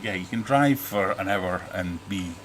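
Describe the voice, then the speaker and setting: A man's voice: low voice, a little slow, fairly bright tone, slight background noise. A middle-aged British man hosting a casual livestream, reading viewer comments aloud and rambling with jokes and restarts. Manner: rambling, jokey, self-interrupting. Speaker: livestream host. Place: home fish room.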